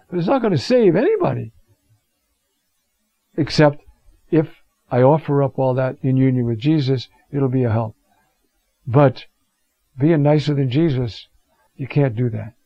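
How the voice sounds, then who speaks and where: Animated conversational priest preaching. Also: male voice, on the high side, no room sound. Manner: conversational, animated, voices quoted speakers. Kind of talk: gospel sermon. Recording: dull, lo-fi dry recording.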